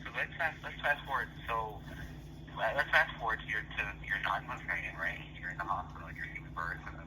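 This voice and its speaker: A man hosting an interview, asking gentle, sympathetic questions. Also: lowish voice, brisk. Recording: noisy recording with hum.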